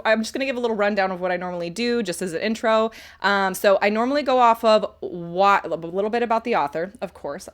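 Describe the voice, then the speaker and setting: A woman hosting a casual livestream where she reviews books, talking in a chatty, rambling way and laughing often. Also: fairly low pitch. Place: home computer setup.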